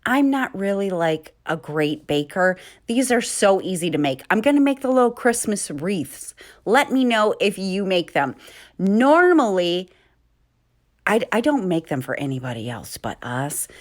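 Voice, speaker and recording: A woman's voice: medium pitch, big pitch swings, unhurried. A woman vlogger and mom, telling stories in a casual, chatty way while doing chores in her home kitchen, often laughing mid-sentence.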